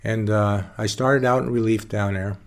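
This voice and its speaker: Guy with a lowish voice telling old baseball stories in an interview, laid-back, swears a bit. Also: normal speed. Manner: folksy, relaxed retelling with plain swearing. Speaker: former baseball pitcher interviewee. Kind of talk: casual storytelling interview.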